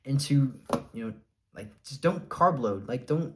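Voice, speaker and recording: A man's voice: medium pitch, animated, measured pace, slight background noise. Earnest rambling young man vlogging. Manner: rambling, filler-heavy, earnest and a bit defiant. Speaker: vlogger sharing his diet experience. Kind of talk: casual talking-to-camera monologue.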